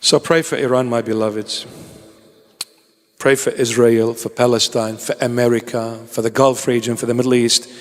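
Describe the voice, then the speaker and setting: A man's voice: medium pitch, little pitch movement, moderate pace, in a large hall. A man preaching a sermon, pleading and impassioned, breaking into joking asides.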